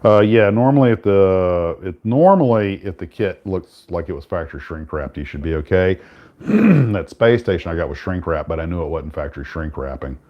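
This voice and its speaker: A man hosting a casual chat, talking in a relaxed, rambling way with many restarts. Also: low-pitched, normal speed, dull audio. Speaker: host.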